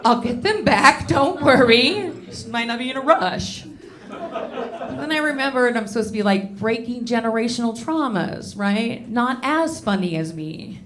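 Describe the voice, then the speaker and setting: A woman's voice: on the high side, expressive, a little slow, a crowd in the background. A woman in her thirties performing a stand-up comedy set in a club, brash and profane, with self-mocking punchlines on a handheld stage mic.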